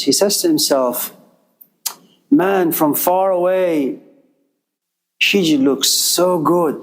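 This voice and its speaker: A man's voice: mid-range voice, rough recording. A man telling a story in a talk, acting out the voices of its figures as he goes. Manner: animated storyteller, acts out voices. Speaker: lecturer.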